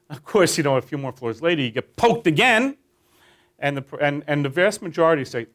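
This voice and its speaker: Lively, high-voiced male trainer telling a story. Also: fairly quick. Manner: animated, addresses listeners with questions. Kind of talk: guided teaching tale for a class.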